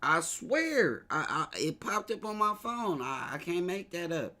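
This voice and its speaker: Man, show host, casual commentary, laughs a lot, bright forceful voice. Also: high-pitched, measured pace. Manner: laughs often, animated and joking.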